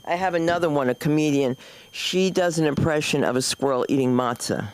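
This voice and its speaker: A man hosting a comedy open mic, teasing the comics with gruff banter between acts. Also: on the high side, fairly quick.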